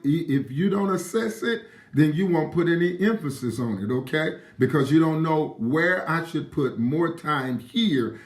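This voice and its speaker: A man delivers a motivational talk in a preachy, emphatic style, repeating key phrases and calling out viewers by name. His voice sits in an ordinary middle pitch. The room around him is echoey. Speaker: live stream motivational speaker.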